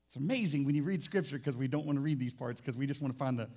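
A pastor preaches a sermon in church in an animated, conversational style, teasing the congregation and swinging between quiet asides and loud, emphatic lines. His voice is mid-range and his delivery rapid-fire.

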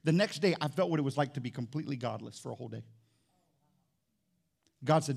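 A man preaching a lively sermon as pastor in a church, swinging between shouts and low asides. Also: fast talker, creaky, long pauses. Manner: animated, shouts and drops low, playful asides. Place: church sanctuary.

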